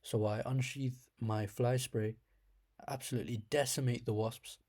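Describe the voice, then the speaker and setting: A man's voice: lowish voice, level tone, brisk, darkish tone. A young man with a slight lisp telling a rambling comic story about his dreams in a casual way, laughing at himself now and then. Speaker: storyteller host.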